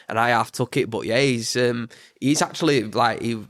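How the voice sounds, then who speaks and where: A young man with a Yorkshire accent, a boxer chatting in an interview, halting and repeating his words. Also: medium pitch, fairly bright tone. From England. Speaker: boxer guest. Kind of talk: casual interview chat.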